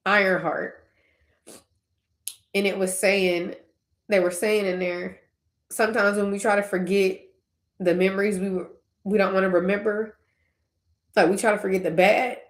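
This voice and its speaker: A woman's voice: mid-range voice, fairly even intonation, unhurried, pauses often. Young woman, tearful, rambling casual vlog, laughing in between, roomy echo. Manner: conversational, tangent-prone, laughing through tears. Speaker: faith vlogger. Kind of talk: emotional personal vlog.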